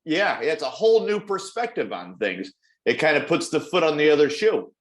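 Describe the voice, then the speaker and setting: Brief: male podcast co-host, high and very lively voice, swears freely while ranting. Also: moderate pace. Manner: animated ranting with profanity and mock voices. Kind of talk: casual podcast chat.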